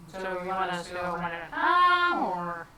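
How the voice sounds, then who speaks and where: A woman's voice: on the low side, sing-song, normal speed, very noisy. A woman playing a tabletop game, chatting in a matter-of-fact, easygoing way. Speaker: player. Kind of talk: casual chat at a tabletop game. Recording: echoey room, far from mic, crowd chatter behind.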